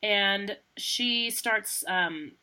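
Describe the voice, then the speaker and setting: A woman co-hosting a podcast, telling a personal story in a chatty, animated way, laughing often and saying "like" a lot. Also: mid-range voice, extremely slow, clear, resonant tone. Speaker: podcast co-host. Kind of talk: casual storytelling chat.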